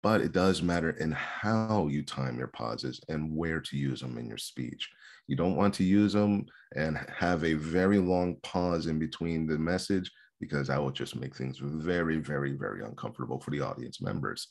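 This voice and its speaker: A man's voice: extremely low pitch, animated, normal speed. A male speech instructor giving an earnest seminar lecture on vocal delivery, stressing points by repeating words. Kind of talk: seminar lecture on public speaking.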